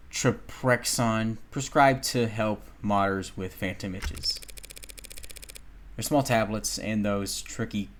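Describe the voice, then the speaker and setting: A man's voice: mid-range voice, slight background noise, natural voice. A man voicing a smug, cold-blooded killer. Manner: smug, measured inner monologue. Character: cold, calculating male killer narrator. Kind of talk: reading a game's dialogue aloud.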